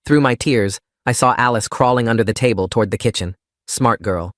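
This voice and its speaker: A man narrating a first-person story in a steady, plain reading voice. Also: mid-range voice, fairly quick, no room sound, clean studio sound.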